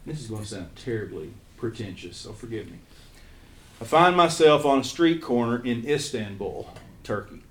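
In a roomy, echoey space with faint room noise, an Eastern Kentucky man who serves as a church missions pastor gives a casual testimony about his calling to a small group. His mid-range voice has lively intonation, and his earnest storytelling halts and restarts frequently.

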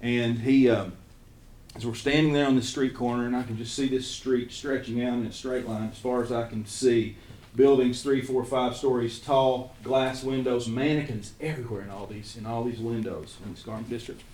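A man with an Eastern Kentucky accent, a church missions pastor telling his calling story to a small group in earnest, halting speech. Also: medium pitch, fairly even intonation, a little mellow. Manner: earnest storytelling with frequent restarts. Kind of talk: casual testimony to a small group. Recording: roomy echo, faint room noise.

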